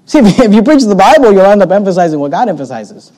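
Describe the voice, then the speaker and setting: A man preaching from the pulpit in a high voice. He drives his points home with sarcastic jabs, rising sharply for emphasis and dropping to quiet asides. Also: sing-song, fast talker, rough recording. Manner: emphatic and sarcastic, swinging between loud and hushed. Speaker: pastor. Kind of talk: sermon.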